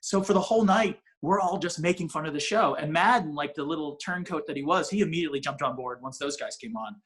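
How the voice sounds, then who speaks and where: Animated man telling a rambling comic story. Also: fairly high pitch, fast. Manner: animated, rambling, self-mocking; frequent restarts, swearing. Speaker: comedian guest. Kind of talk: casual storytelling interview.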